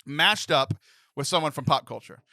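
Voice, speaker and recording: A man in his thirties hosting a comedic podcast, jokey and animated, often laughing as he talks. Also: fairly high pitch, moderate pace, no echo. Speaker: podcast host. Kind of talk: casual comedic podcast chat.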